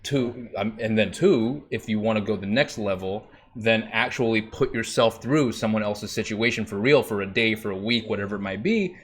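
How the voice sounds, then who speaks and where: A man's voice: on the low side, normal speed, hardly any pauses, a little hiss or hum. A man hosting a casual interview, enthusiastic and affirming, with occasional swearing. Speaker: podcast host.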